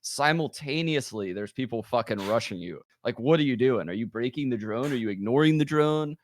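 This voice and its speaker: A man co-hosting a live gaming show, excitable and laughing, swearing in casual chat. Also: medium pitch, brisk, a little hiss or hum.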